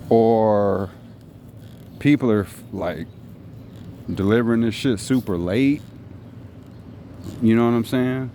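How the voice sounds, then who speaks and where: A man with a very low voice hosts a casual podcast. He rambles in a relaxed way and swears offhandedly. Clear background noise runs under his voice. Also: slow pace, long pauses. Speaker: podcast host. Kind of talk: casual solo podcast chat. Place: apartment building lobby, walking a dog. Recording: noisy background.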